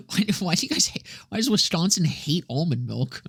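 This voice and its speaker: A man's voice: a little high, vocal fry, a bit bright, slightly rough, no room sound, clean studio sound. A young man streaming and chatting with viewers in a profane, rambling way, often laughing at his own jokes. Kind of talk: casual livestream chat with viewers.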